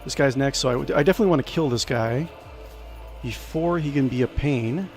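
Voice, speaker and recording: A man giving casual let's play commentary, playful and chatty, thinking out loud and adding little sound effects as he plays. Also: medium pitch, a little fast, faint music behind. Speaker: gameplay commentator.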